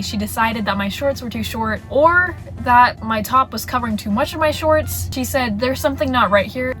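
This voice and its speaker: Young woman vlogger, a touch high, sarcastic, acts out the dialogue of her story. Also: fairly bright tone, a little hiss or hum, low-quality recording. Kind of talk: storytime vlog.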